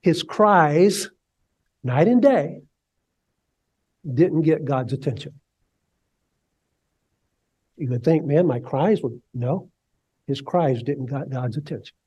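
High-voiced preacher with soaring swings. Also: male voice, expressive, takes it slowly, pauses often, slightly rough. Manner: dramatic, swings from hushed to soaring cries; leads the congregation in call and response. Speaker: pastor. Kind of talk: sermon.

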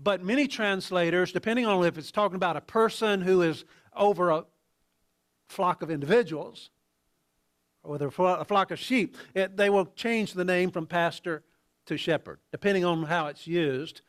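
Conversational male pastor preaching. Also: sits high. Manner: conversational, halting with restarts, drops to quiet asides. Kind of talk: sermon.

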